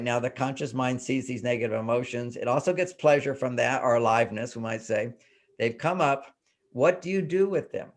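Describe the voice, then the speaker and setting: An older man, a relationship expert guest on an interview show, explaining his ideas with animated emphasis and repeated phrases. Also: medium pitch.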